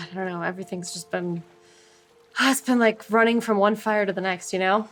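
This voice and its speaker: A woman's voice: medium pitch, moderate pace, soft background music. A woman playing a tabletop role-playing game, casually talking in and out of character. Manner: relaxed, conversational, mixes in-character lines with narration. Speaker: player.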